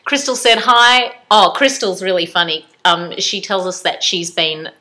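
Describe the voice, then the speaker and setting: A middle-aged woman chatting casually to camera at home as a vlog host, bubbly and quick to giggle. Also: on the low side, sharp tone, poor audio. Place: home living room by an open fire.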